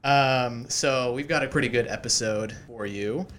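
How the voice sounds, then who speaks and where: A man's voice: mid-range voice, unhurried, a bit bright, a little hiss or hum. A man hosting a casual podcast chat, joking and laughing often, with many fillers. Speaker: podcast host.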